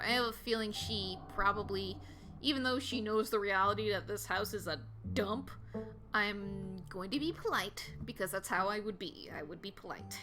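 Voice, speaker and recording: A woman streaming a story game, reading the text aloud and joking about her choices in an animated way. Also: mid-range voice, normal speed, music in the background. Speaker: let's play streamer. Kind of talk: game let's play with narration.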